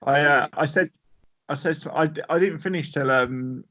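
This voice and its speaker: A man's voice: fairly high pitch, normal speed, pushed and bright, a little hiss or hum. A man with an English accent, a podcast guest chatting in an easygoing, agreeable way. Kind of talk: casual chat.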